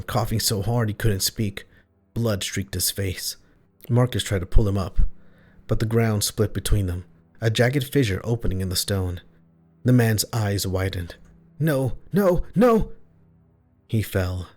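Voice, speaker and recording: Low-voiced man narrating horror. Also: darkish tone. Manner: terse, tense short phrases. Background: faint music.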